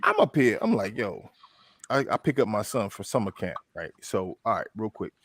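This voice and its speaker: A man, hosting a casual podcast chat and telling a lively story, acting out the quotes. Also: normal speed. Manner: animated storytelling, acts out quotes with big pitch jumps. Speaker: podcast host.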